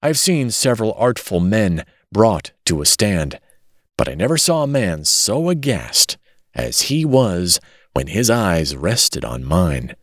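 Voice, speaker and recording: A man narrating a classic short story as an audiobook reader, in an expressive, dramatic way. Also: lowish voice, unhurried, dry recording, studio quality. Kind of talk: scripted narration.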